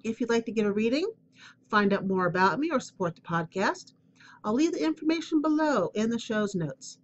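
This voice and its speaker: A woman's voice: fairly high pitch, lively intonation, brisk, highs cut off, a little hiss or hum. A woman hosting her own spiritual advice podcast, talking candidly and rambling with fillers, with a cough drop in her mouth. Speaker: podcast host. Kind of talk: casual solo podcast talk.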